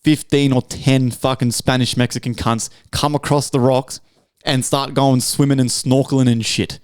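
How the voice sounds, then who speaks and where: A young man with an Australian accent tells a rambling story, swearing constantly and leaning on slang. His voice sits at an ordinary middle pitch. The recording is close and dry, with no room sound. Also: moderate pace, clean tone, no echo. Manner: profane, animated storytelling with heavy slang. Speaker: podcast co-host. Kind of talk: casual chat.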